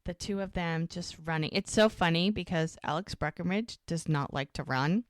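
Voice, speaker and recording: A woman co-hosting a TV rewatch podcast, retelling scenes in a lively, chatty way and acting out the characters' lines. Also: lowish voice, moderate pace, dry recording. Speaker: podcast co-host. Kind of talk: casual rewatch podcast recap.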